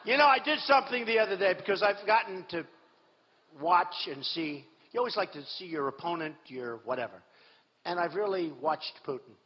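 A man giving a campaign rally speech as a political candidate, repeating himself emphatically and swinging between shouts and low asides. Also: animated, a little fast, slightly rough. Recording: echoey hall, dull sound.

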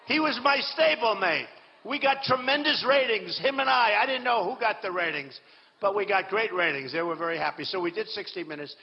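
Boastful high-voiced man rambling in a hall. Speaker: political candidate addressing a rally. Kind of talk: off-the-cuff campaign speech. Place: large hall with an audience. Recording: dull hall recording with long reverb.

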